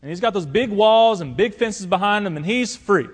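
A male pastor preaching a sermon, swinging between loud emphatic appeals and quiet asides. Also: sits high, lively intonation, moderate pace, slightly rough.

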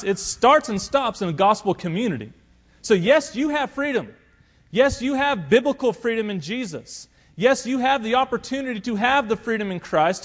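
Man preaching, emphatic, somewhat high-pitched, loud and soft by turns. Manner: emphatic preaching, swings between loud appeals and quiet asides. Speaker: pastor. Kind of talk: sermon.

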